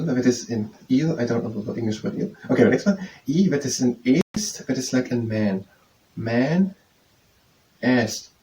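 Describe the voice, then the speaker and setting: A man working through a French phrase book aloud, halting and thinking out loud as he slowly repeats each phrase several times. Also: mid-range voice. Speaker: language learner teaching himself. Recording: distant mic with faint room noise.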